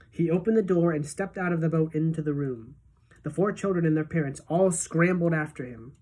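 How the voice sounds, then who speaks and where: A woman teacher reading a children's novel aloud to her class in a steady, even storytelling voice. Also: sits low, brisk.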